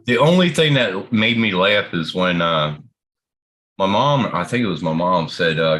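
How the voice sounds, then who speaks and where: A man with a very low voice joins a casual, profane chat as co-host. He swears freely and breaks into laughter often. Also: expressive, a little slow, a bit bright, a little hiss or hum. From Pennsylvania, USA.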